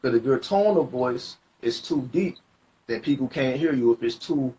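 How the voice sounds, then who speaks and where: A man's voice: mid-range voice, expressive, moderate pace, warm tone. A man giving a spiritual reading in a casual, slangy way, talking loosely and rambling through his explanations. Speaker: spiritual reader. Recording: dull lo-fi recording.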